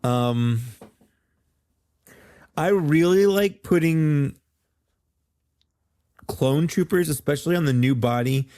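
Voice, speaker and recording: A man co-hosting a podcast in relaxed, casual chat, loose and full of fillers and restarts. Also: on the high side, slow pace, pauses often, no echo, studio quality. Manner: laid-back, loose, many fillers and restarts. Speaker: podcast co-host.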